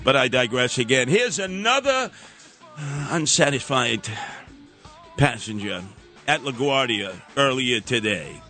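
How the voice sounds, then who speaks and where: A man's voice: mid-range voice, animated, a little slow, sharp tone, soft background music. A man hosting a talk radio show, ranting sarcastically with mocking sing-song asides.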